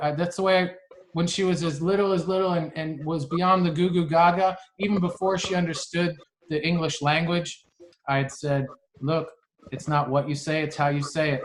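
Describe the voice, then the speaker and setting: A middle-aged man co-hosting a podcast in casual chat, rambling and animated, acting out conversations as he tells stories. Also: a little high, slight background noise. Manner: animated storyteller, acts out dialogue in voices; rambling, frequent restarts. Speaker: podcast co-host.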